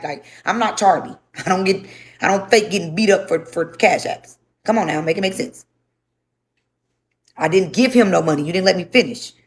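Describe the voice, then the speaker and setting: A woman's voice: fairly low pitch, gravelly. A young woman telling her story to a livestream audience, speaking bluntly with lots of swearing and repetition.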